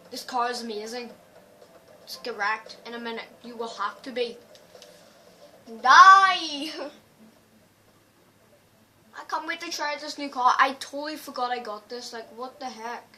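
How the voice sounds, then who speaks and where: A woman giving excitable racing game commentary as a channel host, full of playful trash talk and sudden loud outbursts. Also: fairly high pitch, moderate pace. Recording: distant mic with background noise.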